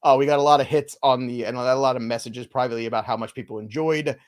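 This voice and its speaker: A man's voice: mid-range voice, steady tone, fast. A man hosting a live fantasy baseball show, casual and playful in his banter with a co-host. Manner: jokey, playful, teasing co-host.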